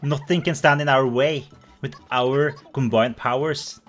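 A man's voice: mid-range voice, fairly even intonation, unhurried, a bit bright, faint music behind. A man commentating a video game in a playful, bubbly way, gasping and making silly sound effects. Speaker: let's play host.

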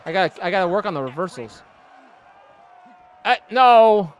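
A young man hosting a gaming video, giving excitable, jokey let's-play commentary and laughing often. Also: high-pitched, normal speed. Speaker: gaming channel host.

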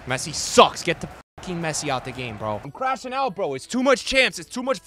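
A young man streaming a football video game, swearing and ranting, with his voice swinging from low mutters to angry shouts. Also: big pitch swings, fairly quick, soft background music. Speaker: gaming streamer. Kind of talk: raging gameplay commentary.

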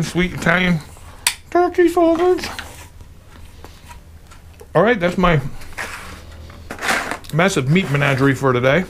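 A man's voice: on the high side, background noise. A man hosting a casual home cooking video, showing off smoked meats and tasting them with eager murmurs of delight. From Pennsylvania. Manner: enthusiastic, tasting and reacting with pleased murmurs.

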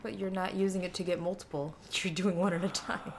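A woman's voice: on the low side, steady tone, brisk, slight background noise. A young woman co-hosting a gaming channel, teasing and sarcastically coaching her partner as he plays. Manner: teasing, sarcastic backseat gamer. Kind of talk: casual gameplay commentary.

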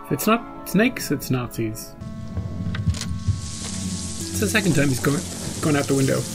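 Woman, reaction host, joking asides, lively pitch, film music behind. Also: slow pace. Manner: joking, chatty asides over film clips. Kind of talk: casual reaction commentary. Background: film soundtrack music.

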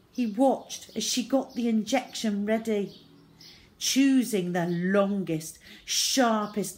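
A woman reading a children's storybook aloud, expressive and dramatic. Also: medium pitch.

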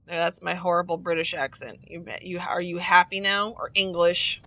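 A woman's voice: on the low side, level tone, normal speed, hardly any pauses, bright, forceful tone, dry recording, lo-fi sound. A woman streaming a game in rambling, giggly casual chat, swearing freely as she goes. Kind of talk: casual chat while playing.

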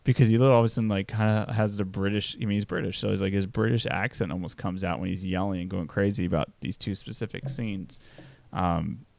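A man's voice: on the low side, a little fast, creaky, darkish tone. A man hosting a podcast, giving a casual, rambling movie review full of fillers. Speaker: podcast host.

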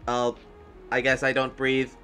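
Slow, hesitant man at a game table. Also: medium pitch, monotone, sharp tone, soft background music. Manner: hesitant, many fillers. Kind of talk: casual game chat.

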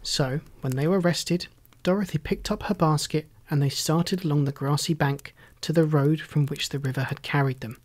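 A storyteller reading a classic children's tale aloud in a measured, gentle way. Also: mid-range voice. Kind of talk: scripted storybook narration.

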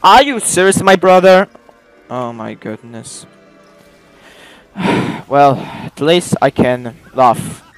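Game streamer, man, fairly high voice that jumps all over, loud reactions, broken English. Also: takes it slowly, pauses often, no echo, soft background music. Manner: excitable, exclaiming and reacting loudly; broken non-native English grammar. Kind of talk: live gameplay commentary.

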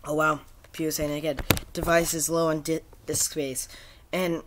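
Over background noise, a gaming creator with a fairly high voice delivers an angry rant about a video game, flat in delivery and at normal speed. He swears the whole way through, wandering with fillers and restarts.

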